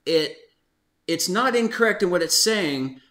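A man's voice: high voice, expressive, measured pace, fairly bright tone, echoey room. A man hosting a casual Bible study conversation, chatty and laughing often as he reads out passages. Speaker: host of a Bible study podcast.

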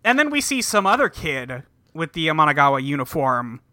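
A man's voice: fairly high pitch, very animated, brisk, bright, forceful tone, dry recording. A man casually recapping an episode with a co-host, rambling with many ums and acting out the characters' lines. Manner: rambling retelling with many ums and quoted dialogue. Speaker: podcast co-host.

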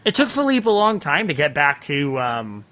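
Woman co-host, casual movie chat, bright tone, playful, laughs easily. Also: sits low, big pitch swings, normal speed. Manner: chatty, laughs often, acts out characters' lines. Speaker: podcast co-host.

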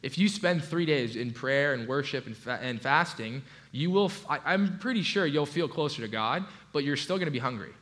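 Male pastor, mid-pitched, conversational sermon delivery with asides. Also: lively intonation, normal speed, hardly any pauses, a bit bright. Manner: casual conversational preaching with restarts and asides.

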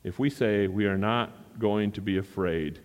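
A man preaching a sermon, his voice sitting a little low as it rings through a hall with a long reverb. He is earnest and repeats his phrases for emphasis. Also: unhurried. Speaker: pastor.

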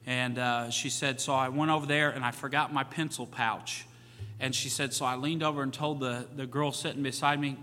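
Bright-voiced pastor preaching in a reverberant church. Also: male voice, mid-range voice, fairly even intonation, moderate pace. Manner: folksy, repeats "you know what?", acts out quoted voices. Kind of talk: sermon. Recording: church sanctuary with long reverb.

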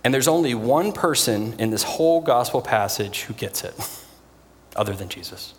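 A man preaching a sermon in an earnest, emphatic way, pausing for weight. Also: mid-range voice, lively intonation, long reverb tail. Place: church.

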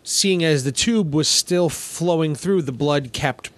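A man's voice: on the high side, slow pace, no echo. A man who is a makeup effects artist, explaining techniques in casual talk and often finishing his co-host's sentences.

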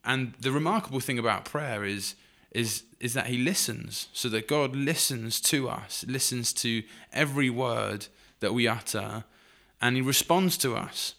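A man's voice: medium pitch, unhurried, gravelly, bright, forceful tone. A man co-hosting a faith podcast, explaining earnestly with frequent fillers. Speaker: podcast co-host.

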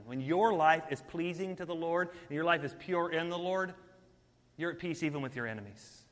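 A man preaching a sermon in an energetic, conversational way, talking straight to his listeners. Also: fairly high pitch, long reverb tail.

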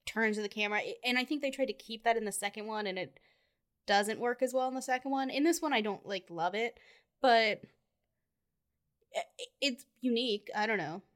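A woman co-hosting a casual movie podcast, animated, laughing often and trailing off mid-thought. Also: on the high side, fairly quick. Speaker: podcast co-host. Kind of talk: casual movie-review chat.

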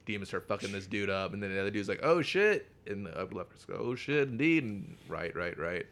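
A man co-hosting a podcast, casually retelling a comic's plot with lots of swearing and quick character voices. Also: low-pitched, level tone, a bit bright. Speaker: podcast co-host. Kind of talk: casual comic book chat.

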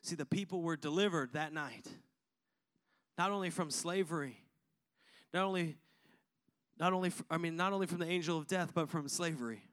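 A man's voice: a little high, moderate pace, long pauses, fairly bright tone. A man preaching a sermon to his congregation, using repetition and call-and-response. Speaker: pastor.

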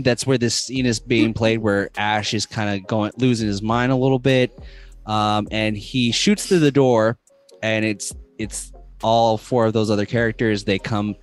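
A man's voice: on the low side, steady tone, normal speed, soft background music. A man casually recapping a horror movie plot, rambling and filled with ums and uhs. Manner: rambling, filler-heavy retelling. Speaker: podcast co-host.

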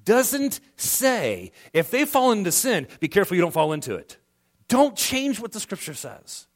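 Lively, animated male pastor preaching. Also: high voice, normal speed. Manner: conversational preaching with acted-out quoted voices. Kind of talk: sermon.

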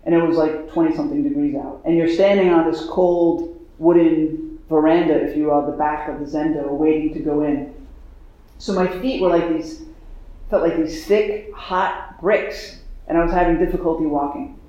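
A man's voice: a little high, fairly even intonation, moderate pace, dark tone. A man telling a personal story in a dharma talk, chatty and self-mocking, with lots of fillers. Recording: echoey dull hall recording.

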